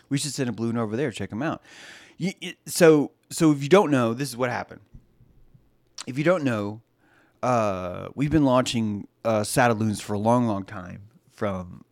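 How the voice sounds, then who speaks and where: A man's voice: on the low side, gravelly, no room sound. A man hosting a video, rambling jokily through a comedic commentary, stumbling and searching for words. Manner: rambling, jokey, full of restarts and word hunts. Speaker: video host.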